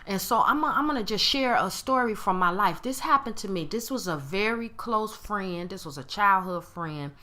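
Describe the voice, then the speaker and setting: A woman in her late forties speaks straight to her listeners, telling a story from her own life. Her voice is bright and very lively, swinging up and down as she acts out the quoted lines of others. She talks in a loose, conversational way, full of restarts and little "okay?" checks. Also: normal speed, few pauses. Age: 40s. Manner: animated, acts out quoted voices with big pitch jumps. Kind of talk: personal storytelling talk.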